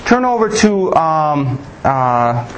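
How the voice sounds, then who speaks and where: A man's voice: on the high side, very animated, slow pace, slight background noise, rough recording. A man preaching a Bible teaching sermon, asking rhetorical questions and often restarting his sentences.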